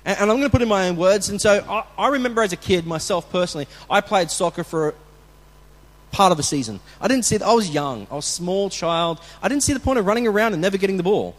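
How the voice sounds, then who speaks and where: A man preaching as a pastor, talking in a conversational way with restarts and bursts of acted shouting. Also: high-pitched, expressive, fast. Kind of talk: sermon. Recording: long hall reverb.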